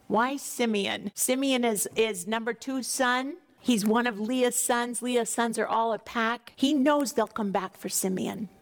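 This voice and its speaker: A woman's voice: fairly high pitch, a little slow, few pauses. Woman teaching a Bible passage. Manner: conversational, questioning, repeats words for emphasis. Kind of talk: scripture reading with commentary.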